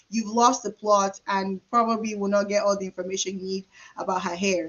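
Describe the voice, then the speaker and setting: A woman's voice: medium pitch, a bit bright, dull audio. A woman trichologist teaching a live career webinar in a conversational, emphatic way, acting out client dialogue. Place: private hair practice suite.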